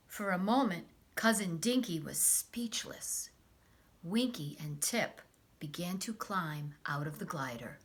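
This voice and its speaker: A guest reader, a woman, reading a children's storybook aloud slowly and expressively. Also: on the low side, animated.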